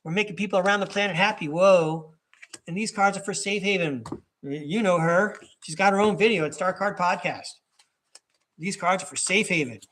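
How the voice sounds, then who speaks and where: A man's voice: high-pitched, normal speed, fairly bright tone, slight background noise. A man hosting a live tarot reading for his chat, talking in a rambling, chatty way with lots of asides and small chuckles. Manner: chuckles between thoughts. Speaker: tarot reader and podcast host.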